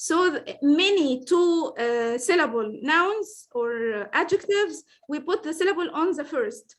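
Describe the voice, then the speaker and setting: A woman's voice: very high-pitched, expressive, moderate pace, poor audio. A woman, an Arabic speaker, teaching English stress rules in an online class over a video call and encouraging her students. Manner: encouraging, many fillers.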